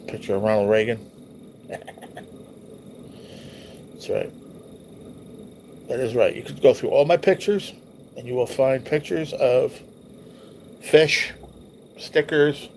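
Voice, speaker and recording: A man's voice: mid-range voice, slow pace, long pauses, a little mellow, a little hiss or hum. A man hosting a livestream, reminiscing casually over old photos in a loose, rambling, profane way. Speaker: livestream host.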